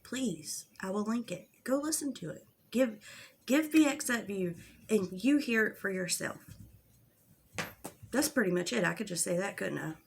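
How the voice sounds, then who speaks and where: An angry woman venting in a casual commentary vlog, blunt and full of swearing. Her voice sits at a middle pitch and her delivery is frustrated. There is faint noise in the background. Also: animated, moderate pace, gravelly. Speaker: drama commentary YouTuber.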